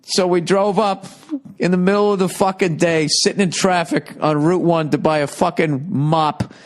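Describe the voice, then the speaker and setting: A man's voice: sits high, steady tone. A man telling a profane, exasperated comedic story. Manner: profane, exasperated, rapid asides.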